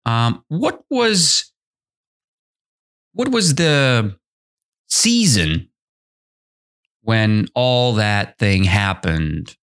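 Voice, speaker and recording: Male podcast teacher, animated and unhurried, repeats and quizzes listeners. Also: mid-range voice, clear, resonant tone. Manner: animated, repetitive, asks listeners questions. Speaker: English teacher, podcast host. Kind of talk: explaining a story in a language lesson.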